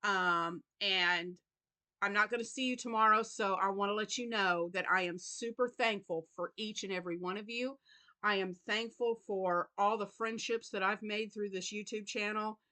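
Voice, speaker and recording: A middle-aged woman, hosting a casual crochet vlog, chatting warmly with lots of ums. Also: mid-range voice, steady tone, normal speed. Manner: warm chatty talk with many ums and y'alls. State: choked up. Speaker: crochet channel host.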